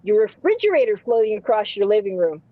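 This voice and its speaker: A woman's voice: medium pitch, very animated, quick pace, no room sound. A woman hosting a live panel, telling crude comic stories in a rambling way, full of restarts. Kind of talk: rambling comedic storytelling. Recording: dry, slightly muffled stream audio.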